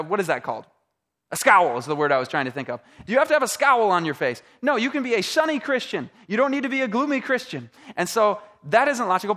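A man's voice: fairly high pitch, pushed and bright. A man preaching a Christian seminar to a live audience, conversational, asking them questions and acting out little scenes.

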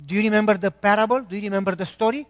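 Middle-aged male pastor, high voice, emphatic sermon delivery, long hall reverb. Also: rapid-fire. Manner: emphatic, quizzes the congregation with questions.

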